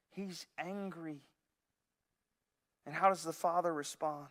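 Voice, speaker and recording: A man preaching a sermon, telling a parable in an animated way with frequent restarts. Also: very high voice, moderate pace. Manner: animated storytelling with repeated restarts. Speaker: pastor. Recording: long hall reverb.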